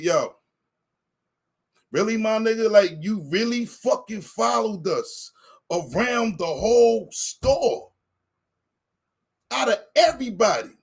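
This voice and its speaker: A man telling a heated, profane story in a casual chat, acting out what he said. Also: high voice. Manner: heated, profane anecdote with acted-out quotes. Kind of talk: animated storytelling.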